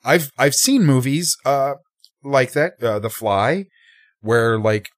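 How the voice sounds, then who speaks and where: A man's voice: medium pitch, slow pace, dry recording, studio quality. A man co-hosting a podcast, talking through a film casually and acting out reactions in quoted voices. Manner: animated, acts out quoted reactions. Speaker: podcast co-host.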